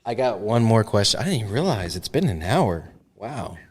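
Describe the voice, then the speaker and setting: A man's voice: fairly low pitch, very animated, normal speed. A man hosting a podcast, asking questions in an easygoing way and laughing often. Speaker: podcast host. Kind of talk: casual podcast interview.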